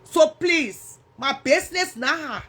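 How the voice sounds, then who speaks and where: A woman's voice: high-pitched, expressive, takes it slowly, fairly bright tone. A woman with a Liberian English accent hosting a casual livestream, chatting and teasing viewers as she answers their comments. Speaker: livestream host.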